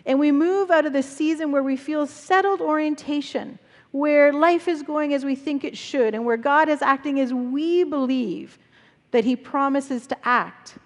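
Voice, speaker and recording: A woman delivers a sermon in an earnest, reflective way, letting her measured phrases settle. Her voice sits a little high, and it rings out with the long reverb of a large church hall. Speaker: preacher.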